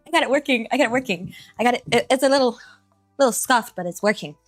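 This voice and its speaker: Giggly, scattered woman streamer, bright voice. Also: a little high, lively intonation, quick pace, no echo, soft background music. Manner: giggly, scattered, self-deprecating, many restarts. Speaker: streamer, virtual avatar host. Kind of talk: casual live-stream chat.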